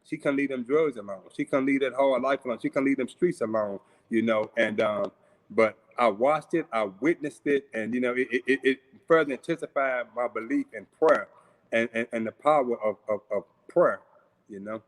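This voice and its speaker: A man's voice: medium pitch, moderate pace. A middle-aged man from St. Louis telling a personal story over a video call, speaking casually and repeating words as he goes. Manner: conversational, repeats words, acts out voices in quotes. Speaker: guest. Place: home, remote video call.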